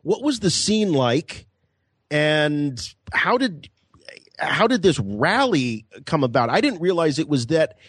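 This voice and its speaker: Male podcast host, casual storyteller, lively and fairly high. Dry close sound. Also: slow pace, slightly rough, no echo. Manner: animated, laughing, acts out voices.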